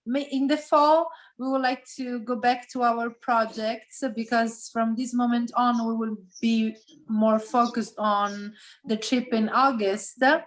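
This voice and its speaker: Italian-accented woman, slightly high voice. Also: little pitch movement, unhurried, poor audio. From Sicily. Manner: translates back and forth, many fillers. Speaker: host and interpreter. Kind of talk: casual video-call meeting.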